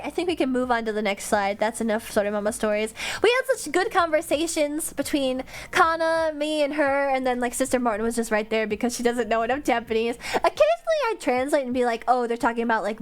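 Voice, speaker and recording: A young woman chatting casually on a stream, animated and laughing, with swooping pitch and lots of fillers. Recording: faint music behind.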